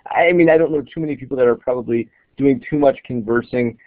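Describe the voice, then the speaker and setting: Here an app reviewer with a mid-range voice talks fast, thinking aloud as he demonstrates an app in a casual, explanatory screen recording. The sound is dry, tinny and phone-like.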